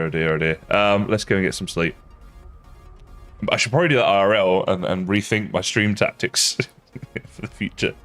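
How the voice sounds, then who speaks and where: A man's voice: lowish voice, fairly bright tone. A young man chatting casually while streaming a game, self-mocking and laughing often. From England. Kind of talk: casual live-stream chat while gaming.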